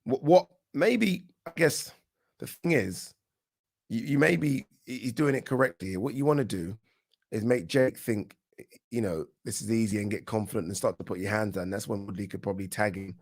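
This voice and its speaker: A man with a British accent giving casual live commentary on a boxing match for his channel, chatty and quick to react, often restarting his words. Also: on the low side. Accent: British English. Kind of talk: live watch-along fight commentary.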